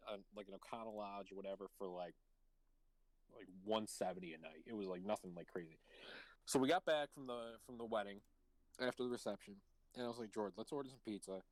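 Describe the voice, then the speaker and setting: A man's voice: on the low side, dry recording, low-quality recording. A man hosting a live stream and telling casual stories, swearing freely and laughing mid-sentence. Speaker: stream host. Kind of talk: casual chat, telling anecdotes.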